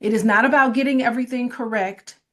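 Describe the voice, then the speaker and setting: A woman therapist talking in a casual chat, her voice a little higher than most. She speaks firmly and directly as she gives advice. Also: fairly even intonation, fast talker, fairly bright tone. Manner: firm, advice-giving. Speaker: therapist, co-host. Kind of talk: casual conversation.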